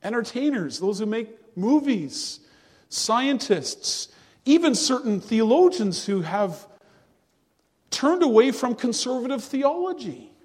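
A man preaching a sermon to his congregation, earnest and measured, drawing out words for emphasis. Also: extremely high pitch, very animated, darkish tone, husky, long reverb tail. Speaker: pastor.

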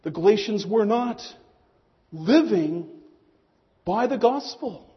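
High-voiced pastor preaching in a hall. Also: male voice, lively intonation. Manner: earnest preaching, slowing on key phrases. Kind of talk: sermon. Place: church hall. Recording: muffled long hall echo.

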